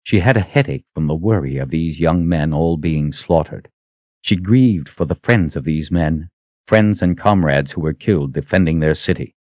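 A man reads a fantasy audiobook in steady, even narration. His voice sits very low, with a dry, close sound. The recording is slightly dull. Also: moderate pace, dry recording. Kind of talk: scripted narration.

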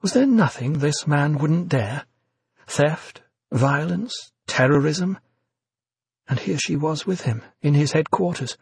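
A man narrating an audiobook with measured, descriptive storytelling and a husky voice. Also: on the high side, animated, darkish tone, no echo.

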